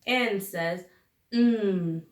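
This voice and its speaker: Slow, deliberate teacher in an echoey room. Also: female voice, medium pitch, slight background noise. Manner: slow and deliberate, sounding out each letter. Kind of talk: slow phonics lesson for young children. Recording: echoey room, recorded from a distance.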